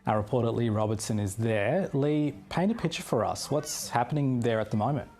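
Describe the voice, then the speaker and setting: A man with an Australian accent presenting the news in a measured, formal studio read. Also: mid-range voice, a little mellow.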